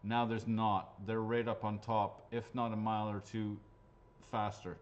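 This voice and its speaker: A man's voice: lowish voice, level tone, measured pace. A man hosting live raffle draws, chatting casually and joking, swearing freely as he goes. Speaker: raffle host. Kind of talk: live-stream raffle draw chat.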